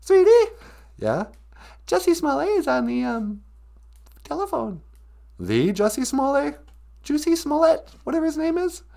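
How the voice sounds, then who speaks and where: A man doing a chirpy high-voiced sidekick. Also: sing-song, a little slow, vocal fry, pauses often, darkish tone, exaggerated voice.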